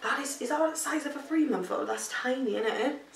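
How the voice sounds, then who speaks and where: A pregnant woman vlogging from home in a casual, gushing, excitable chat full of fillers. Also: sits high, fairly quick, creaky, slight background noise. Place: at home, indoors. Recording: echoey room, mic at a distance.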